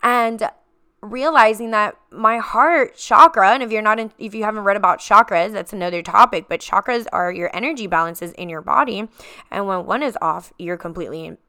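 A woman's voice: mid-range voice, sharp tone, clean tone, no echo, clean studio sound. A woman hosting a podcast, telling a personal healing story in an emphatic, repetitive way and addressing listeners as guys. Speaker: podcast host.

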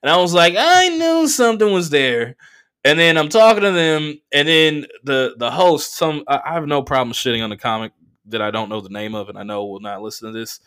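A man who is a stand-up comedian and podcast host telling a profane, animated story full of fillers. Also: medium pitch. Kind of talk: casual storytelling monologue.

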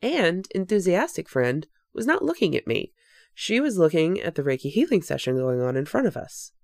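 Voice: mid-range voice, very animated, moderate pace, vocal fry, no echo, clean studio sound. A podcast host telling a personal spooky story in a casual, earnest, reflective way, with fillers and self-corrections.

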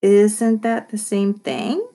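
A woman voicing a competitive young boy who whines and shouts at his sister in a storybook reading. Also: mid-range voice, animated, takes it slowly, voice pushed up. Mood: boastful. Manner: whining, loud.

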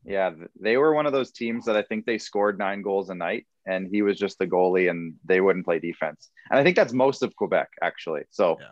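A man with a fairly low voice talks hockey in a loose, joking podcast chat. He thinks aloud and fills the gaps with "uh" and "like". The recording is dull and lo-fi, with a dry, close sound. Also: brisk, few pauses, no echo. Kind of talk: casual chat.

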